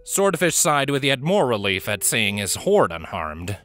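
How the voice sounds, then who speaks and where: A man narrating a fantasy audiobook in an even storytelling manner. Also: medium pitch, a little slow, soft background music.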